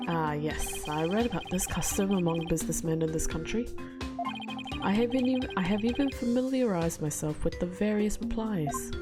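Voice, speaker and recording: A woman's voice: on the low side, expressive, moderate pace, voice pushed down, close to an everyday voice. A woman voicing a formal, courteous male prosecutor from a video game, reading with stiff politeness. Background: game music.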